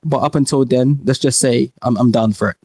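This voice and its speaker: A man's voice: mid-range voice, a little fast, mellow, dry recording. A man co-hosting a podcast, rambling through film opinions with many restarts and some swearing. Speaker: podcast co-host. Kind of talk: casual film chat.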